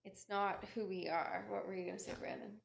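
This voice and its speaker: A woman in a casual faith discussion, speaking in a calm, affirming way. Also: mid-range voice, brisk, gravelly.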